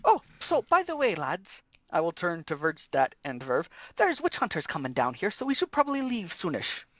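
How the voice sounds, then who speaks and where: A woman's voice: lowish voice, huge pitch swings, moderate pace, no echo. A woman playing a tabletop game, speaking in character in a playful, slangy way. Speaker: player.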